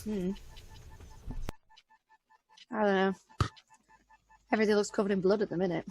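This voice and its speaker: A woman's voice: mid-range voice, fairly even intonation, normal speed, gravelly, darkish tone, dry recording, low-quality recording. A woman playing a tabletop role-playing game, asking offhand questions. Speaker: player. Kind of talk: tabletop role-play chat.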